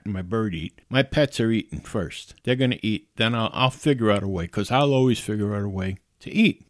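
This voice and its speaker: A man's voice: mid-range voice, dry recording, studio quality. A middle-aged man hosting his own show, telling a personal story in an earnest, conversational way. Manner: earnest, conversational, animated in quoted exchanges. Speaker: podcast host. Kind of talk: casual storytelling monologue.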